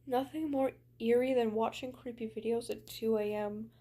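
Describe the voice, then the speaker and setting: A young adult woman with a Canadian accent chats casually while streaming a game, rambling with lots of "like" fillers. Her voice is on the high side with a dark tone, fairly even intonation and a normal speed.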